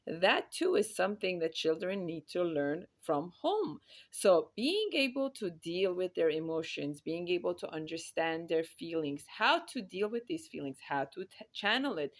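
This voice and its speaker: A woman speaks with earnest conviction about raising children. Her voice sits a little low, and she builds her points through emphatic, repeated lists of short phrases. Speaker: parenting speaker. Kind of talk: earnest parenting talk.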